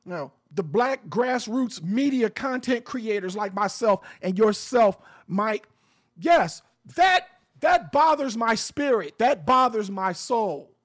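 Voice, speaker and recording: A man's voice: sits high, lively intonation, slow pace. A man hosting a radio show, talking in a blunt, impassioned and profane way about his views. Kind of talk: heated opinion talk. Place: home in the Arizona desert.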